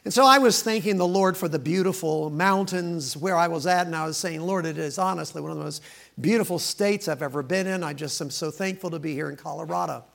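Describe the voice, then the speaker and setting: A man's voice: a little high, brisk, vocal fry, a bit bright. A middle-aged man, preaching as a guest and joking with the congregation. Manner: folksy, joking, laughing between lines. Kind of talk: sermon with joking opening remarks.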